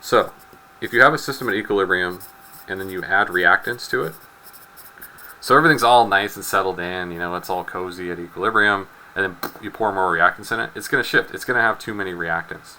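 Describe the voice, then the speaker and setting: Deep, bright-voiced joking lecturer man. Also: brisk, slight background noise, poor audio. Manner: rambling, joking asides, repeats words. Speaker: chemistry instructor. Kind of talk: casual recorded lecture.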